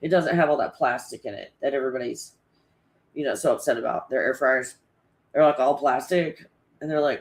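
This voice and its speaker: Casual livestream host, talks to the chat off the cuff, swears freely, laughs a lot, average pitch. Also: a little slow, long pauses. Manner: chatty, loose and swearing, laughs often.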